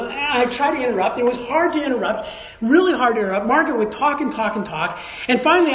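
High-voiced man preaching in a roomy space. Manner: storytelling, conversational, swings from hushed to raised. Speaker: pastor. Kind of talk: sermon. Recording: roomy, slightly dull sound.

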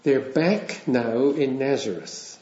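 A man's voice: mid-range voice, takes it slowly, darkish tone. A man preaching a sermon in a conversational way, with wry asides and small chuckles. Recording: roomy, dull lo-fi sound.

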